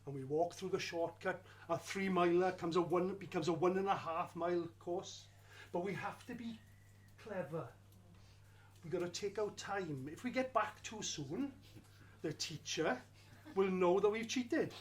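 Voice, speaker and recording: Male storyteller, unhurried and wry, lively delivery. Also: sits high. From Wales. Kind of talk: first-person storytelling performance.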